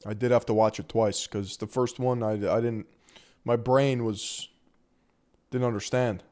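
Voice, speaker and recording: A man's voice: mid-range voice, steady tone, a little slow, mellow. A man joking and laughing as he comments casually on video clips.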